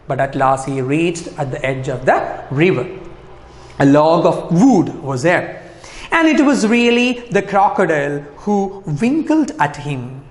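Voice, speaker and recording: Lively Indian teacher in an echoey hall. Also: mid-range voice. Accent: Indian English from Kerala. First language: Malayalam. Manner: repeats and questions the class, lively and animated. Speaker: English teacher. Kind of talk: reading a story aloud and explaining it.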